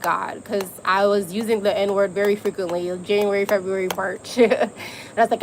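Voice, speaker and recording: A woman's voice: medium pitch, steady tone, fairly quick, low-quality recording. Woman, young adult, live-stream host, candid, emphatic, slangy, faint background hiss. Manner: candid, storytelling, emphatic with frequent slang and profanity. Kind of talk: casual live-stream chat.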